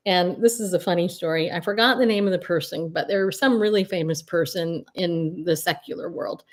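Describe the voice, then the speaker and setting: A middle-aged woman hosting a casual livestream from home, telling animated stories with outspoken asides and frequent laughter. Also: on the low side, normal speed, few pauses. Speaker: Christian media host and coach. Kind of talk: casual solo livestream talk.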